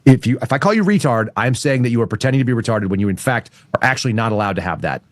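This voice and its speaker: A man's voice: mid-range voice, animated, very fast, dry recording, clean studio sound. A man in casual podcast chat, blunt and crude, joking around, with a cough. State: has a cough.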